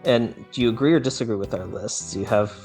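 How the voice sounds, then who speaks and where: A man's voice: lowish voice, quick pace, faint music behind. A young adult man co-hosting a casual anime podcast, reacting and asking his co-host questions. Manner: relaxed, asks questions and reacts.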